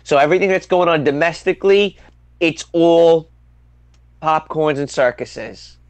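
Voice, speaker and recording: A man's voice: fairly high pitch, unhurried, no echo. A man hosting a podcast, moving from casual chat into emphatic political commentary and repeating his points for effect. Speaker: podcast host.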